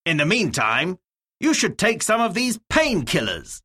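A woman voicing a calm doctor in a language-course dialogue. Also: fairly low pitch, unhurried, breathy edge, full character voice.

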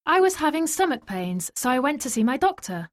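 An actress playing a friendly young woman patient in a language-course dialogue, talking in an expressive way. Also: high-pitched, brisk. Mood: chatty.

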